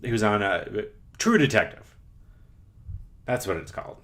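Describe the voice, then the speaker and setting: A man's voice: on the low side, very animated, moderate pace, a bit bright. A young man hosting a podcast, chatting casually and rambling, with frequent restarts and fillers. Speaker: podcast host. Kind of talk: casual chat.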